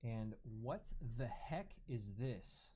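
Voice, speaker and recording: Woman card break host, animated voice, slow deliberate calls. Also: extremely low pitch, a little hiss or hum. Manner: excited, counting and exclaiming. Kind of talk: excited live stream card reveals.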